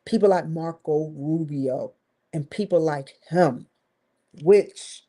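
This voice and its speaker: With a dark, low voice and a measured pace, a woman vlogs candidly into the camera, rambling along. She swears freely and lands hard on stressed words.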